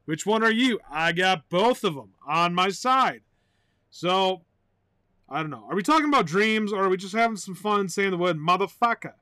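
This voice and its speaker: A man talking solo on his own podcast, rambling excitably and swearing, breaking into loud outbursts and laughter. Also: high-pitched, normal speed, no echo, studio quality. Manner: excitable, swears loudly, bursts into shouting and laughter. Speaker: podcast host.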